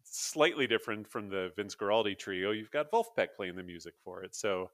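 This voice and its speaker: A chatty man co-hosts a casual podcast, rambling loosely and laughing often. His voice sits fairly low, and the recording is close and dry. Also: lively intonation, moderate pace, no room sound. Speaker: podcast co-host. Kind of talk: casual chat.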